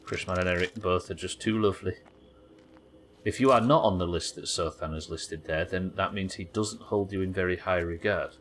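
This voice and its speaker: A man's voice: low-pitched, normal speed, a bit bright, slight background noise. A man hosting a live gaming stream, chatting to viewers and swearing as he plays. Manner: sweary, chatty, talks to chat while playing. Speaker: livestream host.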